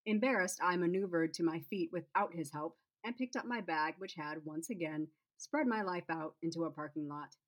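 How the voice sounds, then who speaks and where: A woman's voice: on the low side, normal speed, few pauses, dull audio. A woman author reading first-person narration from her novel, then chatting casually to listeners. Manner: relaxed, chatty aside. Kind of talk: reading her own fiction aloud.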